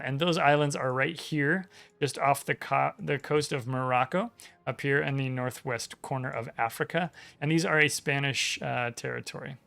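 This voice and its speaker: A man's voice: mid-range voice, vocal fry, fairly bright tone. A man hosting a casual gaming news stream, reading articles aloud and rambling with many fillers and restarts. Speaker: gaming channel host.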